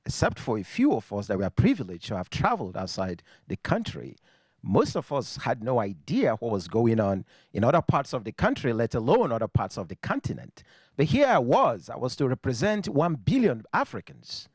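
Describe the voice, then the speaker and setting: A man from Nigeria with a Nigerian accent, telling a personal story on stage to a live audience in a reflective, wry way with dramatic pauses. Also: medium pitch, huge pitch swings, husky, dry recording.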